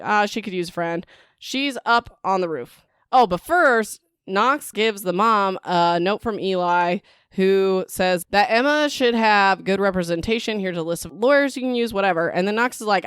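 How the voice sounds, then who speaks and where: Young woman, book podcast host; chatty recap style, smooth clear voice, dry close sound. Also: mid-range voice, no echo. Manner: chatty, lots of "like" and "whatever", excitable asides.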